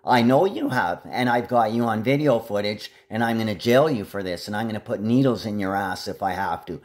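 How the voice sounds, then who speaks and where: A man's voice: lowish voice, fairly quick, a little mellow. A man delivering a rambling, agitated monologue to camera, jumping from one topic to the next.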